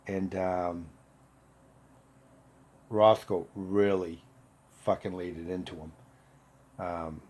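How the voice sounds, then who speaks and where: A man in his fifties, a former Marine, casually telling a profane story and getting loud when he quotes people. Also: on the low side. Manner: profane, animated, loud when quoting others.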